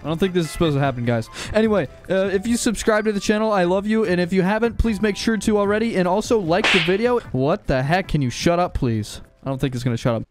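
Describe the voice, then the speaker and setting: A young man hosting a gaming channel, commenting on his gameplay in an excitable way and yelping and shrieking when startled. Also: high voice, fast, few pauses. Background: game music and sound effects.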